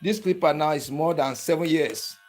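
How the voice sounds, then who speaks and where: Instructor man, a touch high-pitched, patient step-by-step demo that checks in with the viewer constantly. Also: moderate pace. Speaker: barber tool instructor. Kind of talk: hands-on tutorial demonstration.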